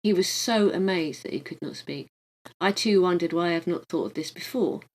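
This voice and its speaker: Gentle woman reading an audiobook. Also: lowish voice, normal speed, low-quality recording. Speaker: audiobook reader. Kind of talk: reading a visionary book aloud.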